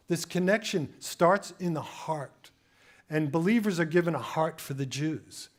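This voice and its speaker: A middle-aged man preaching as a guest speaker, telling his story with animated, acted-out quotes. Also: fairly high pitch. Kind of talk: sermon.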